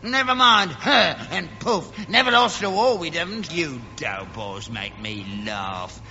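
An actor playing a cantankerous, patriotic old rag-and-bone man and war veteran, boastful and quick to pick a quarrel. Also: on the high side, pushed and bright, long reverb tail, lo-fi sound, soft background music. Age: older. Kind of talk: sitcom acting.

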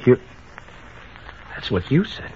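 A man's voice: takes it slowly, dark tone, slight background noise, lightly acted. A man playing a glib young racetrack swindler. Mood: wary charm. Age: young adult. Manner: breezy, slangy, evasive. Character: smooth-talking young male racetrack swindler. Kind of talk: 1940s radio acting. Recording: dull old radio broadcast.

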